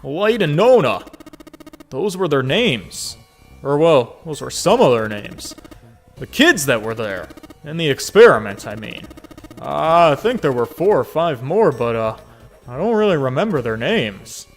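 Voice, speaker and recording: A man doing a gruff, rattled game character who drags his words out slowly and mumbles his way through each thought. The pitch leaps and drops across a wide range as he halts and restarts. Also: very animated, soft background music. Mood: mumbling. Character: big gruff adult man, confused and shaken.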